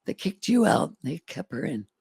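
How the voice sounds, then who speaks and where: A man's voice: on the high side, very animated, moderate pace, gravelly, a little mellow, husky, dry recording. A middle-aged man telling life stories in an interview, earnest and folksy, acting out past conversations. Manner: earnest, folksy, retells exchanges in quotes. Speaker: guest entrepreneur. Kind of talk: candid storytelling interview.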